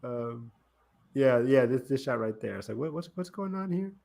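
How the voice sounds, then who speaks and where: A man co-hosting a casual pop-culture podcast, talking excitedly and laughing often. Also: medium pitch, moderate pace, creaky. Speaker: podcast co-host. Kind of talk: casual chat reacting to a trailer. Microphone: remote call setup.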